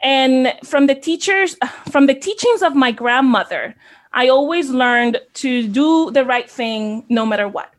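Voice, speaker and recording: A woman's voice: high-pitched, lively intonation, a little slow. A woman from the Dominican Republic, a child care center owner in her thirties, speaking earnestly and reflectively as an interview guest. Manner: earnest, reflective, repeats words when starting. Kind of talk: conversational interview.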